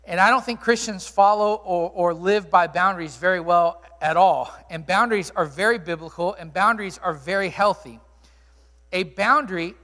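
A pastor answers his congregation's questions during a live sermon Q&A in a church auditorium, candid and conversational, with frequent ums and restarts. His high voice sounds pushed and bright, and the large hall adds long reverb.

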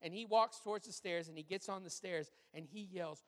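High-voiced pastor in a reverberant hall. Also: male voice, a little fast. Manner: conversational, animated storytelling with frequent fillers. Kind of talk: sermon Q&A with personal stories.

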